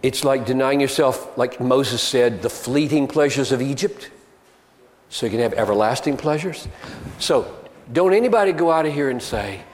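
A man's voice: medium pitch, moderate pace. A man preaching a sermon, emphatic and argumentative, driving his points home with rhetorical questions. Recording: long reverb of a large hall.

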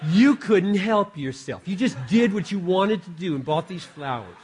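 Man putting on a high, excited wife voice, raised and bright. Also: moderate pace, a little hiss or hum. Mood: mock scolding. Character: preacher's wife, surprised and delighted.

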